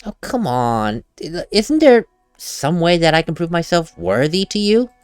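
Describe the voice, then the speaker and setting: A man's voice: a little high, sing-song, unhurried, clear, resonant tone, dry recording, soft background music. A man giving casual gameplay commentary as a let's play host, chatty and laughing at himself, at a desk mic at home.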